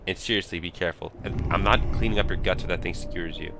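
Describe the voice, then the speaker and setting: Male streamer doing a fretful goblin companion, deep voice, scolds a lot. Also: fast, gravelly, noisy background. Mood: exasperated. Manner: exasperated scolding.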